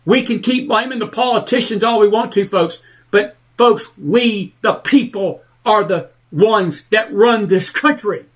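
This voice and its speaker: High-voiced fired-up talk radio host. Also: male voice. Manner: fired-up, ranting, drawn-out emphatic stresses. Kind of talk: heated political commentary.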